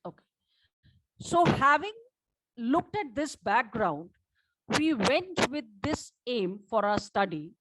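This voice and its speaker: A woman presenting her research study at a conference, speaking in a measured way and asking for the next slide. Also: high voice, a bit bright, no room sound, rough recording.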